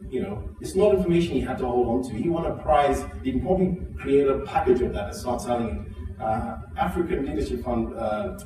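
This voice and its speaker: Man from Zimbabwe giving an echoey keynote. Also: noisy background. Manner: animated storytelling, acts out quoted dialogue with pitch jumps; frequent restarts and filler words. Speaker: keynote speaker. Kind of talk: conference keynote speech. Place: large conference hall. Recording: echoey hall, voice from a distance.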